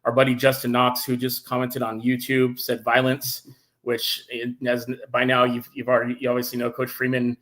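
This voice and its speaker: A man hosting a casual sports talk show, enthusiastic and animated, reading out viewer comments. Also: medium pitch, normal speed. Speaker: podcast host.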